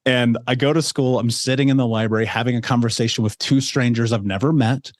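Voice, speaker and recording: Man, 30s, podcast guest, candid storytelling, mid-pitched voice, dry sound. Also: fairly even intonation, fast, dry recording. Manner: candid, storytelling, with asides like "right?". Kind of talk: telling a personal life story.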